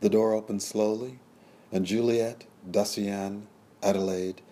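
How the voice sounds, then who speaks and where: A man narrating a period story in a measured, descriptive storytelling manner. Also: lowish voice, flat delivery, dark tone. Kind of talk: scripted audiobook narration.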